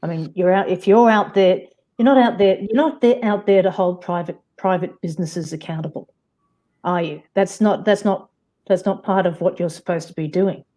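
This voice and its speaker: A woman's voice: lowish voice, normal speed, warm tone. A woman with an Australian accent, a guest on a live-stream panel, arguing insistently with many restarts. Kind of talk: heated casual argument.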